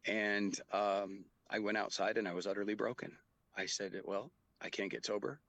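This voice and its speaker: A middle-aged man, a guest telling a personal story in an earnest, halting way. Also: on the low side, steady tone, a bit bright, dry recording, dull audio. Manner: earnest, halting, with quoted dialogue.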